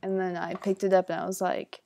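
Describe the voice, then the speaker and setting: A woman's voice: on the low side, monotone, brisk, vocal fry, mellow. A young woman hosting a casual livestream Q&A, joking around and dropping into whispered asides. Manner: playful, jokey, drops into whispered asides. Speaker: livestream host.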